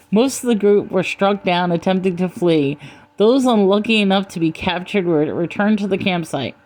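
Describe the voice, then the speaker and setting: A woman narrating a comic storybook in a dry, deadpan manner. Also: mid-range voice, normal speed.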